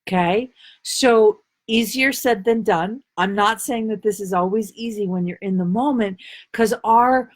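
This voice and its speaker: On a live stream, a woman life coach with a medium-pitched voice talks a little slowly and casually. She answers viewer comments playfully and bubbly, laughing often, in a loose, rambling way.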